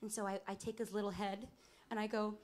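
A woman in her twenties telling a lively, laughing stage story between songs at a small club, acting out other people's lines. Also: mid-range voice, fast. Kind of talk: onstage storytelling banter. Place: small live music club.

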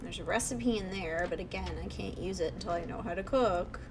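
A woman's voice: lowish voice, a little fast, background noise. A young woman giving casual gameplay commentary, chatty and often talking under her breath. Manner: chatty, reacts aloud, often hushed. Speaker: let's play host.

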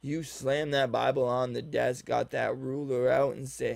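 A man's voice: mid-range voice, fairly even intonation, measured pace, creaky, a little mellow, no room sound. A man giving teasing, profane reaction commentary while watching a video. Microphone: desk mic, looking at a screen.

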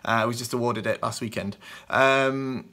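A man's voice: mid-range voice, fairly even intonation, moderate pace, bright, forceful tone. A British man from the UK hosting a kendo show, answering viewer questions in loose, rambling casual chat with many ums and restarts.

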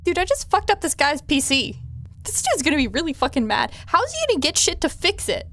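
A woman giving chatty, excitable let's-play commentary as she plays a game, reacting out loud and swearing freely. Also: high voice, a little fast. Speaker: gamer playing a game.

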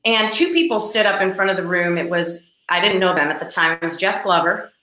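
A woman's voice: on the low side, fairly quick. A middle-aged woman, a real estate agent, animatedly telling a story in an interview and acting out the people in it. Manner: animated, acts out the people in her anecdotes. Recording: roomy echo.

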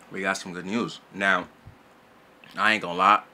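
A young man giving casual gaming news in a vlog, loud and excitable, slangy, repeating "bro" constantly. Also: sits low, normal speed, background noise. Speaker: gaming YouTuber. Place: home recording setup.

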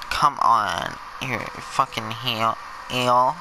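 A man giving sassy, camp, over-the-top commentary while playing a game, with sudden shouted bursts. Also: medium pitch, animated, slow pace, creaky, noisy background. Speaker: gameplay commentator. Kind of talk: let's play commentary.

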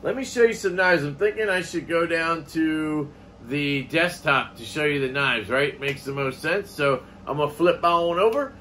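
A man with a fairly high, bright, forceful voice, chatting in a loose, rambling vlog style. He swears casually and drifts from one thought to the next. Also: moderate pace, slight background noise. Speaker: knife collecting vlogger. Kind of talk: casual chat.

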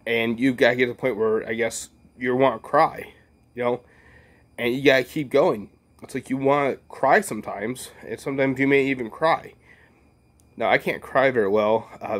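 Earnest rambling man, mid-pitched voice. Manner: earnest, rambling, repeats himself with many fillers. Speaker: vlogger. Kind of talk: casual motivational monologue.

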